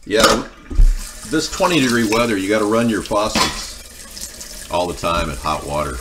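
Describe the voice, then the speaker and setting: Low-voiced man rambling on a cooking livestream. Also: expressive, a little slow, very noisy. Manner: rambling, meandering storytelling, answering chat. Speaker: livestream host. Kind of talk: casual live-stream chat while cooking.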